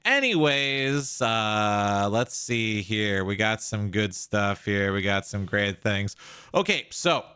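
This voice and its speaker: A man's voice: lowish voice, expressive, slow, bright, forceful tone, clean tone. A man hosting a stream, reacting to clips with sarcastic, mocking casual commentary. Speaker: streamer host.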